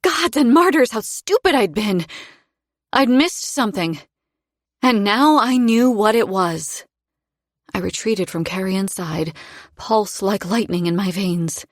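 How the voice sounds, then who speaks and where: Woman reading a fantasy audiobook first person, mid voice, steady and expressive, dry close mic. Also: mid-range voice, takes it slowly, no echo. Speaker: audiobook narrator.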